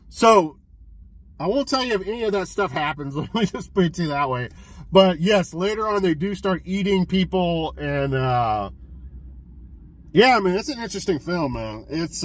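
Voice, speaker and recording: A man casually reviewing a film he watched, retelling the plot in an excitable, profane way with many restarts. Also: high-pitched, poor audio. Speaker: physical media collector reviewing films.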